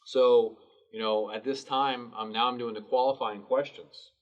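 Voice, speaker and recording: A man giving a sales training talk in a calm, low late-night DJ manner. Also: a little slow. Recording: distant mic, dull sound.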